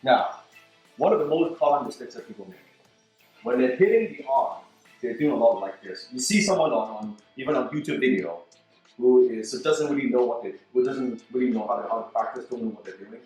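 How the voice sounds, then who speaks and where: A man's voice: medium pitch, animated, brisk, a little mellow. A man coaches a demonstration lesson in broken English, repeating words as he shows each move. His voice sits well back from the mic and rings through a very echoey indoor room. Faint music plays behind him. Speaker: martial arts instructor. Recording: roomy echo, mic at a distance, faint music.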